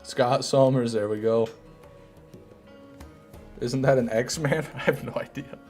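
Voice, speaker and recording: A man's voice: medium pitch, fairly even intonation, slow pace, darkish tone, faint music behind. Chatty male game streamer. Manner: chatty, jokey, answers viewers. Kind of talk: casual gameplay commentary, reading chat.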